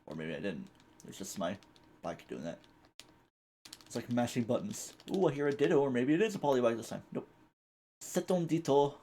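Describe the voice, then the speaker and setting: This man streams himself gaming live, his warm, mid-range voice rough and gravelly with a slight husky breathiness. His commentary wanders between thoughts, and he chuckles while reading the on-screen text out loud.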